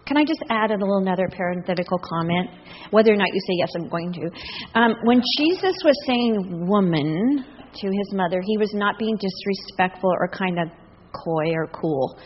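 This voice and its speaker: A woman's voice: mid-range voice, a little fast, slight background noise. An older woman preaching a sermon in a large church, chatty and humorous, laughing often. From US Northwest. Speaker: guest preacher. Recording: distant, dull sound with long hall reverb.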